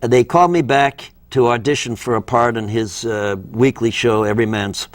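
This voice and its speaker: This older guest actor from Minnesota speaks in a mid-range, steady voice at normal speed, with no echo. Telling rambling interview stories from his career, he performs the quoted lines himself.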